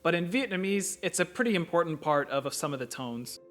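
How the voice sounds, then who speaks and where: Calm male narrator, slightly high voice, methodical lesson voice-over. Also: a little fast, soft background music. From United States. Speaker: language teacher.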